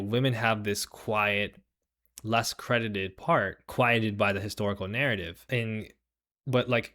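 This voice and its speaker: Sarcastic man doing livestream commentary. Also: lowish voice. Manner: animated, rambling, sarcastic mock voices, frequent "right?". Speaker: host.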